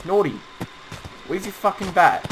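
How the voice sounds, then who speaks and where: A man playing an online game with friends, shouting playful trash talk and laughing as he goes. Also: high voice, lively intonation, a little slow, a crowd in the background. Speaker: gaming YouTuber. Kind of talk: casual game chat.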